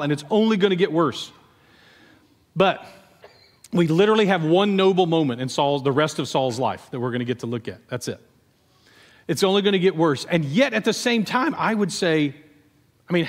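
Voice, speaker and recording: Pastor, male, fairly high voice; conversational, animated sermon delivery; long church reverb. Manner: conversational, animated storytelling with acted asides. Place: church sanctuary.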